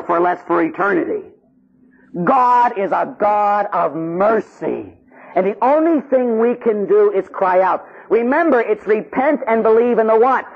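A male Catholic priest from Pittsburgh giving a blunt, animated preaching talk with joking asides. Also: high-pitched, gravelly, husky. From Pittsburgh, USA. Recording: dull lo-fi recording.

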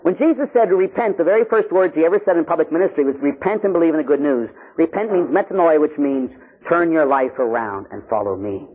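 A Catholic priest preaching an animated, jokey sermon, acting out little scenes for his listeners. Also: on the high side, fast, hardly any pauses, husky, phone-quality sound. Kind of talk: lively sermon with acted-out stories.

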